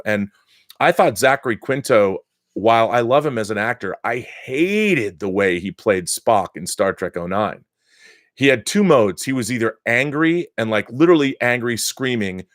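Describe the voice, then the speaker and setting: A middle-aged man hosts a casual live chat from behind a dry, close microphone. His voice sits fairly low, and he rants with strong opinions, stumbling over restarts as he goes. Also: no echo. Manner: opinionated and ranting, with repeated restarts. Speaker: host.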